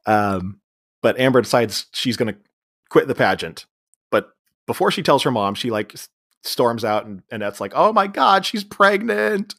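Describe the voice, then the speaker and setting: Man casually recapping a movie. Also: fairly low pitch. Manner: recounts plot, acting out lines in quick voices. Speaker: podcast co-host.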